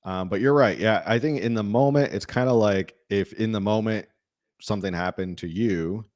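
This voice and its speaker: A man's voice: fairly low pitch, normal speed, a little mellow. A man co-hosting a podcast, talking casually and rambling with many fillers. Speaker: podcast co-host. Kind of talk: casual chat.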